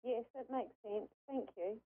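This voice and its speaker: A woman calling in to a radio show who gives brief, soft-spoken replies. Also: a little high, unhurried. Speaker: caller. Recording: tinny phone line.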